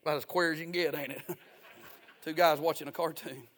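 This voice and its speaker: A man's voice: on the high side, steady tone, a little fast, a bit bright. A male pastor preaching a sermon in a folksy, emphatic way, repeating key phrases.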